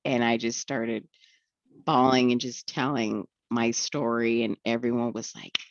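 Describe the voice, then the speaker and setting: A woman's voice: rumbling low, level tone, a little slow, no echo, highs cut off. A young woman tells her recovery story in a candid way, acting out the voices of the people she quotes and often laughing.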